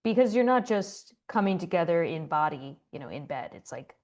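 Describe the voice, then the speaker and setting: A woman's voice: lowish voice, very animated, moderate pace, a little mellow. A woman hosting a podcast interview, reacting with short affirmations and reflective asides. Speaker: podcast host. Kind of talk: casual interview conversation.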